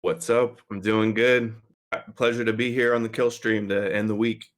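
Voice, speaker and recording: A man guesting on a livestream panel, giving measured, opinionated commentary. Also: lowish voice, flat delivery. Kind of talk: casual panel chat.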